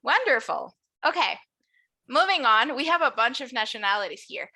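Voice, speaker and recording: Bright, high-pitched woman as a bilingual English teacher, slow model words for repetition. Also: big pitch swings. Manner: switches between English and Spanish explanations; slow, drawn-out model words for students to repeat. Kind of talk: online class teaching nationalities.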